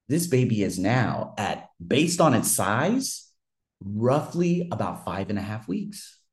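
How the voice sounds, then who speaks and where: A man's voice: lowish voice, big pitch swings, slow. A man telling a personal story in a casual monologue, ranting heatedly and swearing often. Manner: heated, profane ranting with frequent restarts.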